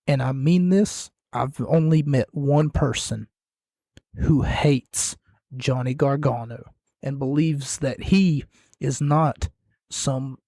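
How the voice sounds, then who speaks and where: A man's voice: medium pitch, slow, mellow, no room sound, studio quality. A man hosting a podcast, giving casual wrestling commentary in a sarcastic, mocking rant. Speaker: podcast host.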